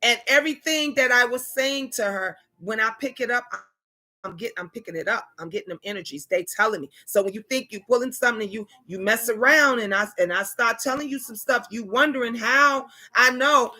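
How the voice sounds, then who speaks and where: Bright-voiced woman telling reading stories. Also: a little high, fairly quick. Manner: animated storytelling, quoting spirits and viewers in character. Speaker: tarot reader and channel host. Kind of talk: casual livestream chat.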